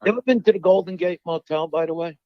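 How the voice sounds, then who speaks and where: A man, a comedian telling profane, animated stories as an interview guest. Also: high voice, fast, dry recording, highs cut off. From Brooklyn, New York. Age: 60s. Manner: animated, profane, acts out quoted dialogue. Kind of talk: storytelling in an interview.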